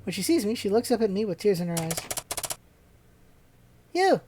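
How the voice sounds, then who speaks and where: A woman's voice: medium pitch, rapid-fire, mellow, slight background noise. A woman hosting a let's-play, reading a visual novel's first-person narration with asides.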